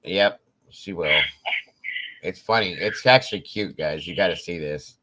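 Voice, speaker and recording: A man with a low but bright, forceful voice hosts a casual live-stream chat from home. He talks in a relaxed, rambling way, often pausing on "um" and laughing along the way. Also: low-quality recording. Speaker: host.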